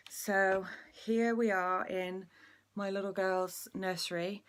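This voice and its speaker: A woman's voice: mid-range voice, level tone, slow, a little hiss or hum. A young woman hosting a casual pregnancy update vlog, chatty and rambling, slightly out of breath. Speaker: vlog host.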